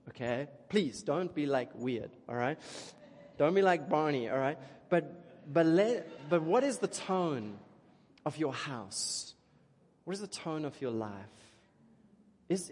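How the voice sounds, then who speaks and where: A man delivers a sermon in a relaxed, animated manner, often checking in with the listeners. His voice is high for a man. A long reverb from a large hall hangs on every phrase. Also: unhurried. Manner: animated, chatty, keeps asking "okay?". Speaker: preacher.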